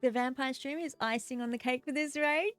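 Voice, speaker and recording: A woman game streamer chatting casually and excitedly with her live viewers while she plays, giggling often. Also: high-pitched, a little fast, clear, resonant tone, no room sound, soft background music.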